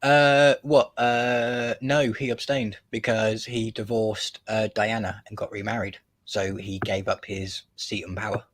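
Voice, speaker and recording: A man's voice: fairly low pitch, level tone, a little slow, hardly any pauses. A man in a casual chat, teasing his friend with dry humor.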